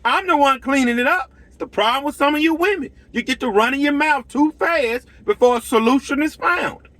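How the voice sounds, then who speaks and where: Speaking briskly in a very high, fairly bright voice with no room sound, a middle-aged lawn care business owner rants casually to his channel's camera. He's blunt and heated, repeats himself, and tells stories by quoting conversations.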